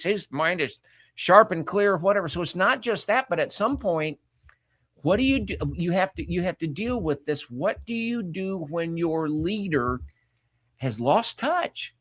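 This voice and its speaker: A man with a fairly high voice tells a personal story, repeating words as he talks. The sound is dry and close, with no room behind it. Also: pushed and bright, dry recording. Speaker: ministry commentator. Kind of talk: candid spoken commentary.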